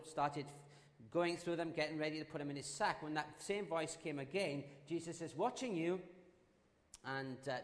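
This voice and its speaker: A man preaching a sermon, opening with a joke, telling it in a relaxed way with fillers and restarts. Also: fairly high pitch, big-room sound. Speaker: pastor.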